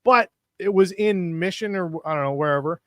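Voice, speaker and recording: A man from Canada, co-hosting a casual podcast and telling stories in an animated way. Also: sits high, moderate pace, dry recording, clean studio sound. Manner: animated storyteller, acts out quoted people. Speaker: podcast co-host. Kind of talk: casual chat.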